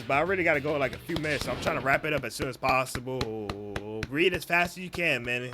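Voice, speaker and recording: A young man casually playing and reading a game aloud, rushed, with slangy, profane talk. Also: mid-range voice. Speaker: gaming channel host. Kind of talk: let's play reading game dialogue aloud. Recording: game music under the voice.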